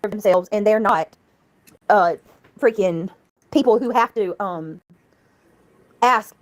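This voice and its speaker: A woman's voice: medium pitch, slow, no room sound. A woman livestreaming in casual chat, giggling, swearing freely and thanking her viewers.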